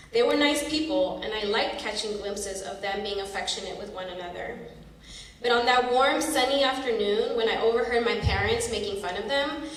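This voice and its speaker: A woman in her thirties from San Francisco tells her own story on a theater stage, expressive and dramatic. Her voice sits fairly high. She is heard from a distance in a big echoey hall with a long reverb tail and a faint hiss behind. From San Francisco, USA. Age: 30s. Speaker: storyteller performer. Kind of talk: spoken-word personal storytelling.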